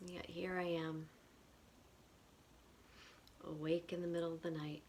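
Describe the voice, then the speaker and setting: Low gravelly whispered role-play woman. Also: darkish tone, slight background noise. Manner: slow guided phrases for the listener to repeat. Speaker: EFT tapping guide.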